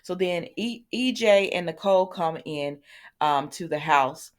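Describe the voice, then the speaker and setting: A woman's voice: on the low side, a little slow. A woman casually recapping a soap opera episode, retelling the characters' lines in a loose, talkative way with lots of fillers and self-corrections, and speaking straight to her viewers.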